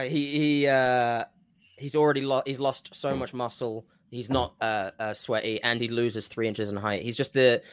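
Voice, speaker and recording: A man on a casual podcast, rambling and stopping himself mid-thought as he pitches a wrestling storyline. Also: no echo, studio quality. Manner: rambling, self-interrupting. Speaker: podcast co-host. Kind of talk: casual wrestling fantasy-booking chat.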